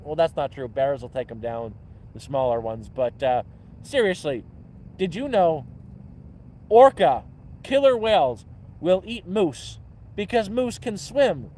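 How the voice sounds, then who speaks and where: A man hosting a livestream in casual, rambling chat, jumping between loud bursts and low mutters. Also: animated, a little slow, slight background noise. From Canada. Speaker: livestream host. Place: outdoors by a campfire.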